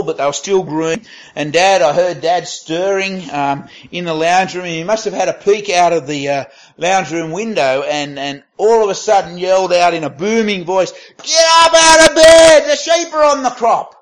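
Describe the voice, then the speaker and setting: A man preaching a sermon in a conversational way, reading scripture aloud and pausing to rephrase. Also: fairly high pitch. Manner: conversational, reads scripture aloud, with pauses and restarts.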